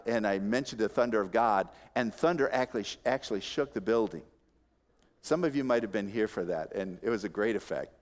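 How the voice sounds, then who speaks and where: A man preaching a sermon as pastor to his congregation, with expressive delivery that moves from soft asides to loud emphatic peaks and dry humorous remarks. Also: fairly low pitch. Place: church sanctuary. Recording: long reverb of a large hall.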